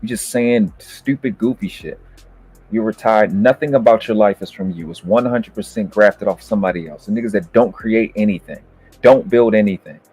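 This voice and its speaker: A man's voice: lowish voice, normal speed, slightly rough. Profane, ranting male debate commentator. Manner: profane, berating, escalating into shouting. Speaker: host reviewing a debate. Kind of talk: heated commentary rant.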